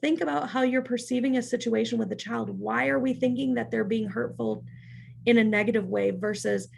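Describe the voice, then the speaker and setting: A woman's voice: on the high side, a little fast, gravelly, a little hiss or hum. A woman leading a childcare staff training in a church parlor, practical and often checking in with "right?".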